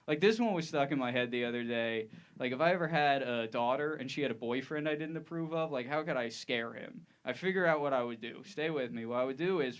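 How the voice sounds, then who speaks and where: A man from Ohio doing a stand-up comedy set on a club stage into a handheld mic, rambling and self-mocking with loose asides. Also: mid-range voice.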